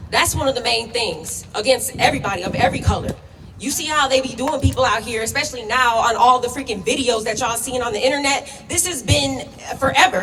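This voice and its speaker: A woman's voice: on the high side, fairly bright tone. A young woman giving an impassioned, emotional speech at a protest, speaking bluntly and getting worked up. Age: young adult. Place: outdoor protest. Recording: distant, echoey, faint noise.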